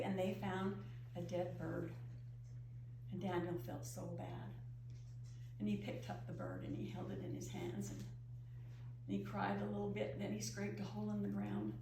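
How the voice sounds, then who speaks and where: A middle-aged woman telling a story in first person as a pioneer woman, expressive and emotive. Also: mid-range voice. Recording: echoey room from far off with faint hum.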